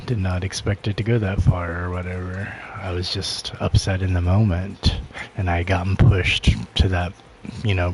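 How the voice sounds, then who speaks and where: Low-voiced man rambling through a story. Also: slight background noise. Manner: rambling, heavy use of filler words; low-key, often drops to a quiet mutter. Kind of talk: casual personal storytelling.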